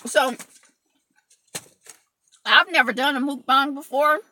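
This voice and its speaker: Bright, chatty woman live-streaming. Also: high voice, fairly even intonation, takes it slowly, dry recording. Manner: chatty, reads out and answers viewer comments between bites; loose, rambling talk full of fillers. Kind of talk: casual mukbang live chat. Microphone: phone camera.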